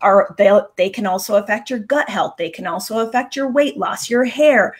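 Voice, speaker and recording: A woman's voice: mid-range voice, moderate pace, husky. Chatty woman host. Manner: enthusiastic, chatty, reads viewer questions. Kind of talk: casual live video Q&A.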